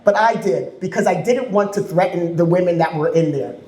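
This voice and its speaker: A woman on a community panel, telling a story with lively acted-out quotes and frequent laughter. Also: fairly low pitch, brisk, echoey room. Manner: animated, acts out quoted voices, laughs often. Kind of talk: impassioned panel talk with storytelling. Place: community event hall.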